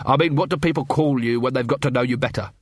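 A man's voice: mid-range voice, quick pace, no room sound, clean studio sound, lightly acted. A man doing a weary, plain-spoken commander.

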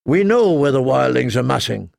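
Gruff old lord-commander, curt and commanding, a touch gravelly, read by a male narrator. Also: mid-range voice, big pitch swings, moderate pace, a little mellow, no echo, clean studio sound. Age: older. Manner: brusque, decisive orders.

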